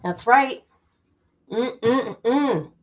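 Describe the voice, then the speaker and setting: A woman's voice: a little high, very slow, dull audio. A woman hosting a true-crime livestream, talking indignantly and directly to her viewers. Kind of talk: heated livestream commentary.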